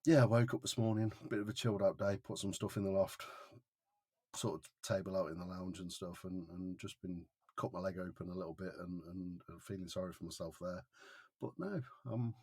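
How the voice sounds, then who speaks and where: A man's voice: low voice, fairly quick, darkish tone, breathy edge, no echo. A man co-hosting a podcast, telling stories hesitantly with many restarts. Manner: hesitant, restarts often, acts out quotes. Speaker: podcast co-host. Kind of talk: casual chat, storytelling.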